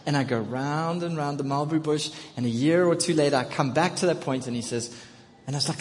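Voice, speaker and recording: A man preaching a sermon to his congregation, telling a story with repeated phrases and building to loud, emphatic calls. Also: a little high, a little fast. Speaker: pastor. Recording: long reverb of a large hall.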